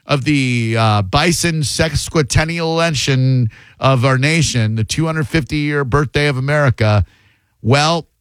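A man's voice: medium pitch, smooth, no echo. Joking male radio host, dry studio sound. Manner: joking, quick banter with callers. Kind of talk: casual call-in radio chat. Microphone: studio microphone.

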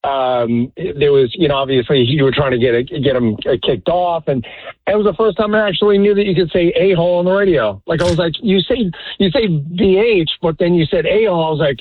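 Radio caller, male, slightly higher voice, halting, on a thin phone line. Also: slightly rough, dry recording. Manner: hesitant, many fillers and restarts. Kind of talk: casual call-in chat.

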